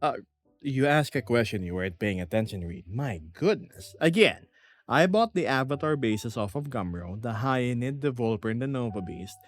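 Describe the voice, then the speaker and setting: A young man streaming from his small apartment, chatting casually with viewers and reading their comments aloud in a lively, self-deprecating way. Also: mid-range voice, normal speed, faint music behind. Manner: animated, self-deprecating, reads chat aloud. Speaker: VTuber streamer. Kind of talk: casual livestream chat.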